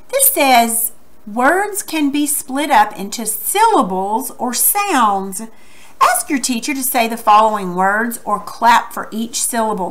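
Woman teacher, fairly high voice, encouraging, stretches words out slowly for young learners. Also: a bit bright. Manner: slow, exaggerated syllable clapping; encouraging, asks students questions. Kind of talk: recorded classroom lesson.

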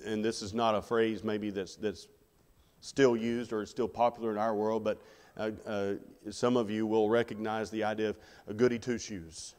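A man's voice: on the low side, little pitch movement, moderate pace, darkish tone, smooth, in a large hall. A man preaching a sermon in a conversational way, putting rhetorical questions to the congregation. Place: church sanctuary.

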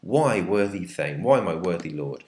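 A ruthless noblewoman scolding her husband, read by a man. The voice stays deep and unaltered. There is a roomy echo around it. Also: expressive, darkish tone. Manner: brisk, scolding. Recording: echoey room.

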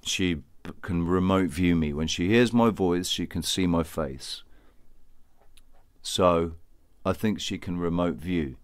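A man's voice: low-pitched, slow, no room sound. A man, rambling to camera in a self-mocking, joking way and swearing freely. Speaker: vlogger.

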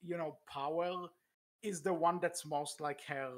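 Casual co-host, middle pitch, halting and full of fillers. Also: steady tone. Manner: halting, lots of fillers and restarts. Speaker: podcast co-host. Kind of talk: casual chat.

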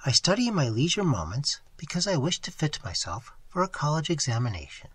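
A woman's voice: low voice, big pitch swings, a little fast, husky, dry recording, full character voice. A reader voicing a young waitress who candidly tells her story in a good-humored way. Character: earnest young waitress telling her tale. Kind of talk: audiobook narration.

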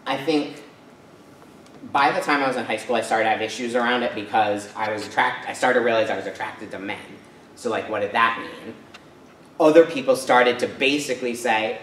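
A man's voice: mid-range voice, a bit bright, a little hiss or hum. A man from Rhode Island giving a casual personal talk to an audience, chatty, with many fillers and tag questions. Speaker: guest speaker. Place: church hall. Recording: echoey hall from far off.

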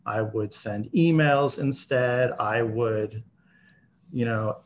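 A man in his thirties who stutters, talking casually as an interview guest, with many pauses and fillers. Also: mid-range voice, steady tone. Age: 30s. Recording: slightly dull audio with faint background hiss.

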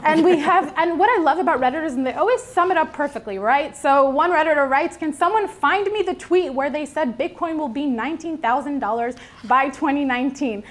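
Young woman, high voice, chatty news co-host, reads comments with ums. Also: fairly quick. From New York. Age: young adult. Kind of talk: casual news banter.

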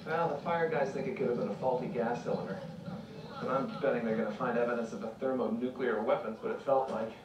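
A man's voice: medium pitch, fast, far from the mic, a crowd in the background, lightly acted. An actor playing a wry, easygoing male investigator who talks in a dry, joking way. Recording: dull roomy TV soundtrack, music behind.

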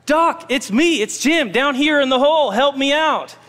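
Preacher doing a high, frantic man begging for rescue from a pit, echoing in a big hall. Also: expressive, moderate pace, a bit bright. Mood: pleading. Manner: frantic, pleading calls for help. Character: panicked man stuck down a manhole, pleading. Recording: long church hall reverb.

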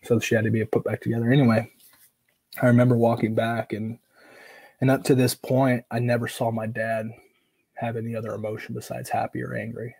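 A man with a husky, slightly breathy voice recounts a painful memory as a podcast guest. His pitch stays flat and even while he talks casually, leaning on fillers and acting out what others said. He comes across as earnest and openly emotional. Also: a little fast, poor audio. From Oregon, USA. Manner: casual, filler-heavy, acts out quoted dialogue. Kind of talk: personal storytelling in conversation.

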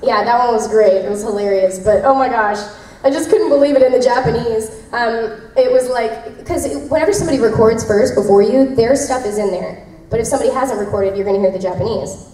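A woman's voice: fairly high pitch, a little fast, hardly any pauses, dark tone. A young woman voice actress at a convention panel, answering fan questions in a bubbly, rambling way with lots of fillers and laughter. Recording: echoey convention room, distant, faint noise.

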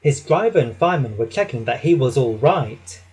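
A man reading a children's story aloud with an expressive storytelling delivery. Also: medium pitch, moderate pace, husky, poor audio. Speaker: storybook reader.

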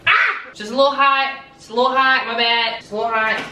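A woman's voice: a little high, fairly even intonation, quick pace, sharp tone. A young woman vlogging casually while she cooks at home, chatty and self-mocking, with dramatic asides. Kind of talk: casual cooking vlog chat. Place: home kitchen. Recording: echoey kitchen with noise.

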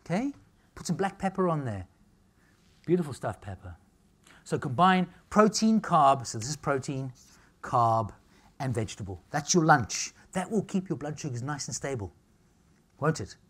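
Brash man lecturing an audience. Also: fairly high pitch. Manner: brash, punchy, jokey, asks "all right?" and "okay?" often. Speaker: nutritionist giving a talk. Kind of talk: live seminar talk to an audience. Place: room with a live audience.

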